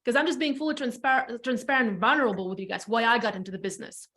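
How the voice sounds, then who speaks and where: Latvian-accented woman in her 30s, kinda high voice, chatty and blunt, drops a swear here and there. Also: racing, sharp tone. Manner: frank and chatty, swears casually, repeats phrases for emphasis. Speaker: podcast guest, real estate team leader. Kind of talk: candid storytelling chat.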